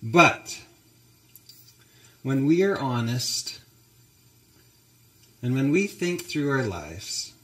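A man's voice: medium pitch, sing-song, very slow, long pauses, fairly bright tone. A male pastor preaching a sermon, telling a story and addressing the congregation directly. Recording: roomy church echo.

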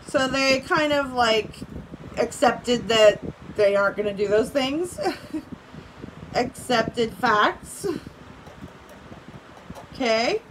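A woman's voice: on the high side, animated, drawn-out words, long pauses, slight background noise, low-quality recording. A young woman teacher reading a story aloud to her class and explaining it casually, with lots of fillers. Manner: casual, filler-heavy explaining with light laughs.

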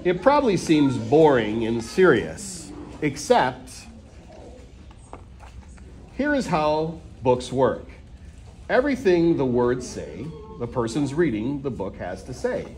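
Lively man reading to kids. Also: medium pitch, slow, slight background noise. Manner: animated, playful, mock-protesting; gleeful nonsense sounds. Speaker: storytime reader. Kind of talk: reading a children's book aloud.

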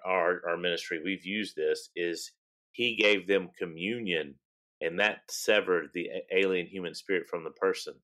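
A man's voice: sits low, sharp tone. A man hosting a podcast interview, who cuts in politely and apologizes for the interruption. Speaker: podcast host. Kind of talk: interview conversation.

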